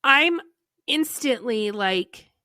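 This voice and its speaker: A woman hosts a podcast and recounts a story in an exasperated, animated way, filling it with "like." Her voice is bright and fairly high, and she takes her time. The sound is close and dry. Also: extremely slow, no echo. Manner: animated storytelling, heavy use of "like". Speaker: podcast host. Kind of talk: casual chat.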